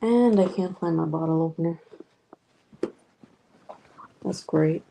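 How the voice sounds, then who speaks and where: A woman streams from her room at home, chatting loosely with her viewers and swearing freely. Her voice sits low and sounds mellow and relaxed. She rambles from one thing to the next. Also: takes it slowly, gravelly, a little hiss or hum, rough recording. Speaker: livestream host. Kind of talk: casual chat with live chat viewers. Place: home room with a noisy fish tank.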